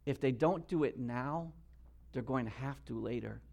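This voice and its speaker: A man preaching a sermon as pastor, telling stories earnestly with restarts and dropping to a hushed tone for serious points. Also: medium pitch, normal speed, creaky. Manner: earnest storytelling with many restarts.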